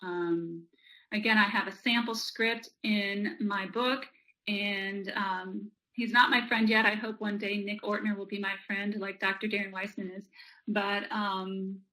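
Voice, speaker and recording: A woman presenter and author teaching a calming technique in an energetic way, often checking in with "right?". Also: mid-range voice, unhurried, low-quality recording. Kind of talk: instructional presentation.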